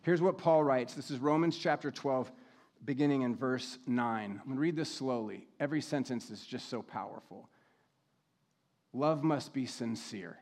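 A man preaches a sermon in a steady, mid-pitched voice, speaking in a measured way. When he reads scripture, he deliberately slows down.

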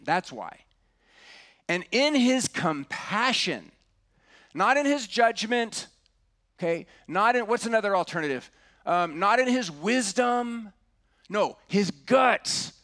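A middle-aged man preaching a sermon in an earnest way, dropping to a hush on key words. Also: high-pitched, animated, takes it slowly. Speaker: pastor.

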